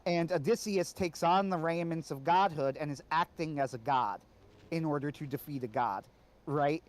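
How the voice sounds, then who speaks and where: A man's voice: fairly high pitch, moderate pace. A man co-hosting a casual podcast discussion, talking conversationally and often checking in with "right?". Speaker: co-host.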